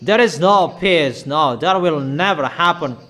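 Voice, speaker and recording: High-voiced man preaching with repetitive emphasis. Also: lively intonation, measured pace, a bit bright. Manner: repetitive, emphatic declarations in plain broken English. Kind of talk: sermon.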